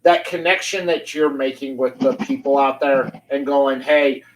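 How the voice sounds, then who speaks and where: A man's voice: medium pitch, normal speed, a little hiss or hum, poor audio. A man hosting an interview show, teasing his guest in an easygoing, casual chat. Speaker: show host.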